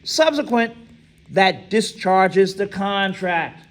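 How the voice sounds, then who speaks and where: A man's voice: high voice, animated, takes it slowly, fairly bright tone, low-quality recording. A man teaching a lecture class, reading aloud and asking students to fill in missing words, often checking with "right?". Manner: quizzing, reads text aloud and asks students to fill in words. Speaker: instructor.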